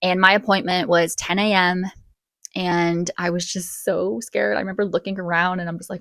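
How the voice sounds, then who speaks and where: A young woman telling a casual storytime vlog, chatty and animated, with quick bursts and gasps. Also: on the low side, dry recording. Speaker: vlogger.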